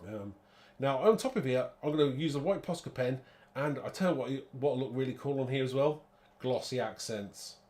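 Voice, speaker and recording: A man's voice: medium pitch, moderate pace, darkish tone. A man hosting a live card-making demo, chatty and rambling, thinking aloud and laughing at his own muddles.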